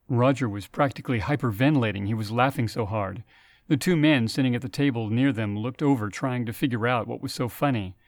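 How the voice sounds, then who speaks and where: A man reads a story aloud in a steady narrating manner. His voice sits at a middle pitch, and the recording is dry and close. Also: normal speed, no echo. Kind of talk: scripted narration.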